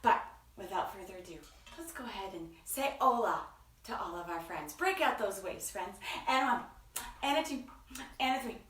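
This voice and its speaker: A woman's voice: medium pitch, animated, moderate pace, fairly bright tone, echoey room, distant mic. A woman hosting a children's story time, talking to kids in a sing-song, enthusiastic teacher way. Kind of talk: children's read-aloud lesson.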